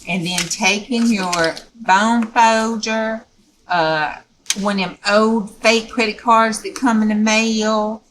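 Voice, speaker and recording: A woman's voice: medium pitch, steady tone, slow pace, a bit bright, a little hiss or hum, low-quality recording. Folksy woman teaching a craft. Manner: folksy, chatty, keeps checking in with "okay?". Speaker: craft tutorial host. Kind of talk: step-by-step craft tutorial.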